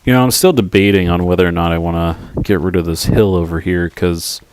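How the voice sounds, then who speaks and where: A man's voice: low voice, fairly even intonation, a little fast, slight background noise. A man livestreaming a game, chatting casually in a goofy, rambling, self-mocking way. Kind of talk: casual gaming commentary.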